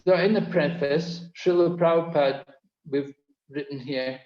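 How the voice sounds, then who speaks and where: A man's voice: on the high side, measured pace, darkish tone. Earnest male teacher over echoey call audio. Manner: earnest, explanatory, repeats key phrases. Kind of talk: online course lecture. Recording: echoey, dull-toned video call audio.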